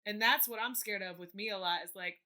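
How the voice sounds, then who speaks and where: A woman's voice: medium pitch, a little fast, sharp tone. A woman hosting a podcast, talking about her own experiences in a candid, reflective way. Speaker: podcast host. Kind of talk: casual interview chat.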